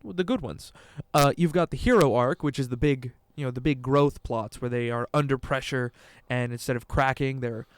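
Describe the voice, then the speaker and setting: A man's voice: mid-range voice, moderate pace, clear, resonant tone, no room sound. A young man hosting a casual talk show, playful and teasing with wordy comments. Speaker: host. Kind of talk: casual chat.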